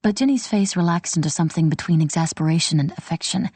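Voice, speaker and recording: A woman reading a historical novel aloud as an audiobook narrator, steady and measured. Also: fairly low pitch, husky, no room sound.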